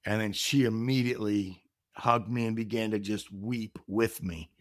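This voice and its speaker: As a podcast guest, a middle-aged man tells a candid personal story in an earnest, reflective way, voicing the people in it and acting out quoted dialogue. His fairly low voice is fairly even in intonation at normal speed, recorded at studio quality with no room sound.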